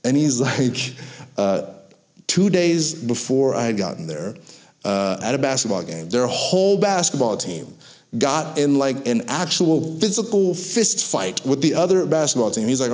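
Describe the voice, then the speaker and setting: A man preaching a sermon, telling stories with lively acted-out quotes. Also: mid-range voice, moderate pace. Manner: animated storytelling with acted-out quotes. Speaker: pastor.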